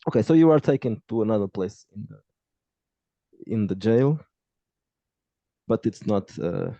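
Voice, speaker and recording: Man, game master, halting, restarts, mellow, dry, muffled lo-fi. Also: fairly low pitch, animated, no room sound. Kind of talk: narrating a tabletop game.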